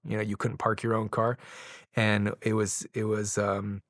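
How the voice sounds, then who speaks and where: Low-voiced man telling a story, dry sound. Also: completely flat delivery, moderate pace, no echo. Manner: rambling, many fillers and restarts. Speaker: podcast guest. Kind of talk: casual storytelling.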